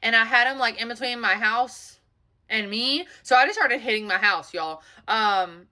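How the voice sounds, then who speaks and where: A woman tells a story for her vlog, her voice bright and a little high. She sounds shaken and a touch breathless. She talks in an animated, rambling way with plenty of fillers. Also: normal speed. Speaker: storyteller vlogger. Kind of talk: casual storytime.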